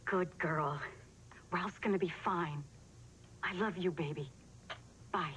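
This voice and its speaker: A woman's voice: lowish voice, slow pace, fairly bright tone, a little hiss or hum. An actress playing a fierce, protective mother who talks her child through a crisis on the phone, then turns on her captors. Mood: soothing. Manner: soothing on the phone, then furious and scolding. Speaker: waitress held hostage. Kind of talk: 1980s sitcom acting.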